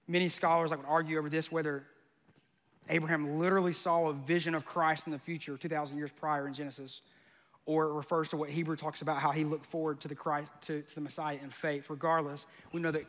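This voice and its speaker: A man's voice: a little high, little pitch movement, a little fast, a bit bright, big-room sound. A man preaching a sermon, conversational and joking, with bursts of emphasis. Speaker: pastor.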